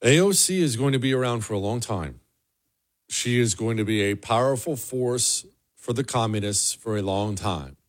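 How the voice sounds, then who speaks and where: A man delivers an opinionated solo monologue as the host of a commentary show. His pitch moves a lot, rising and dropping for emphasis, while his voice stays in an ordinary middle register. He sounds sarcastic and emphatic and often repeats phrases. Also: lively intonation, normal speed.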